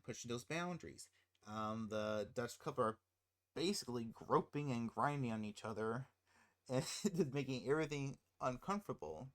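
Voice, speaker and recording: Exasperated host ranting about a film. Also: mid-range voice. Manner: exasperated, incredulous rambling with many restarts. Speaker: channel host. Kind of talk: casual spoiler rant about a film.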